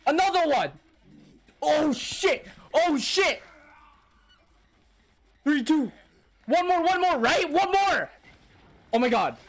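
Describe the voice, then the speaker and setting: A man hosting an anime reaction, his pitch swinging wildly between low mutters and yelps. He talks slowly and drawn out, swears freely and calls out to the characters as if they could hear him. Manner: excitable, swears a lot, bursts into shouts and gasps. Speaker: anime reaction channel host. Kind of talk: live reaction commentary.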